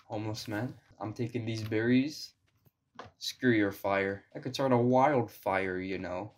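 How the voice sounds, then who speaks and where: Young dude cussing through a farm game, sarcastic, voice kinda strained. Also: male voice, on the low side, a little slow, slight background noise. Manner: sarcastic, profane, talks to himself. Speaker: gaming video creator. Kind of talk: casual gameplay commentary.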